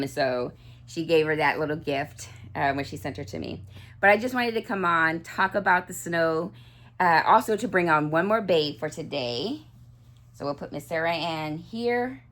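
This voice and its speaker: A woman with a low-pitched voice chats to camera in a relaxed vlog. She gushes warmly about small things and wanders through fillers and false starts. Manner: chatty, gushing, many fillers and restarts. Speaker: doll collector vlogger. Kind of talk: casual chat.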